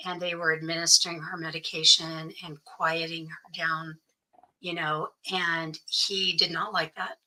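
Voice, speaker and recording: A woman's voice: deep voice, level tone, unhurried, sharp tone, poor audio. A middle-aged woman, a guest in an interview, telling a personal story and acting out what each person said. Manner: recounts events by acting out quoted dialogue.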